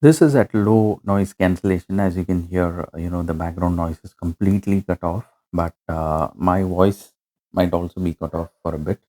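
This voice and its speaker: A man explaining an audio mixer in a relaxed hands-on demo, with frequent fillers. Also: sits low, normal speed. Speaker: gear reviewer.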